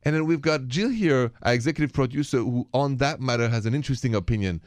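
A man's voice: medium pitch, fast, dry recording, studio quality. French-accented man hosting a radio call-in. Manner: chatty, mixes in French greetings. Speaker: radio call-in show host.

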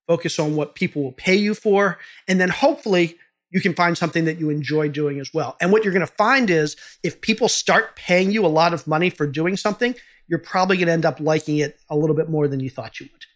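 A man's voice: on the high side, fast. A man who hosts a podcast, answering interview questions in an earnest, advice-giving way with small restarts. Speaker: podcast host and entrepreneur.

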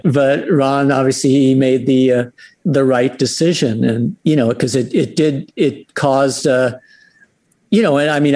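A man's voice: medium pitch, a little mellow. A man, a musician guest, telling a story in casual talk, rambling and amused.

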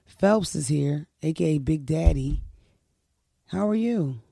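Brief: woman comic hosting a podcast, loud and profane, gravelly tone, dry close mic. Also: low-pitched, slow, no room sound. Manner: loud, profane, animated banter. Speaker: podcast host and comedian. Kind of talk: casual podcast chat.

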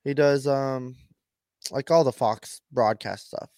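A man co-hosting a casual podcast by remote call, telling stories in a laid-back, profane way with animated impressions. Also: medium pitch, takes it slowly, dry recording, clean studio sound. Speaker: podcast co-host. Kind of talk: casual chat.

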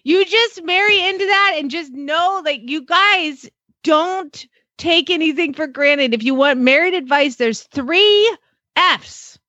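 A woman co-hosting a podcast in casual chat, animated and jokey and laughing often. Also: high-pitched, takes it slowly, no room sound, lo-fi sound. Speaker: podcast co-host.

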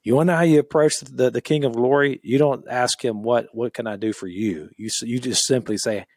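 A man's voice: medium pitch, brisk, dry recording, studio quality. A man co-hosting a podcast, leading a Bible discussion and reading scripture aloud in an earnest, emphatic way with frequent restarts. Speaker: podcast co-host.

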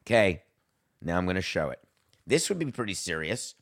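A middle-aged man hosting a solo sports podcast, talking in a jokey, theatrical way and swinging his pitch up for emphasis. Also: sing-song, moderate pace, fairly bright tone. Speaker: podcast host.

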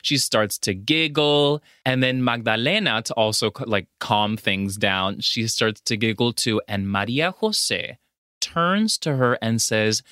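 A man's voice: mid-range voice, a little slow, clear, resonant tone, no room sound, studio quality. A man from the United States co-hosting a podcast, recapping a film in casual chat and acting out the characters' lines. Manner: animated retelling with acted-out quotes. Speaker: podcast co-host.

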